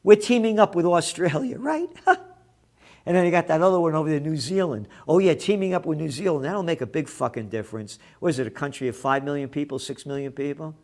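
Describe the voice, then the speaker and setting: A man of Italian heritage ranting over news headlines, sarcastic and profane, often shouting. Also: a little high, fast, few pauses. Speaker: commentator.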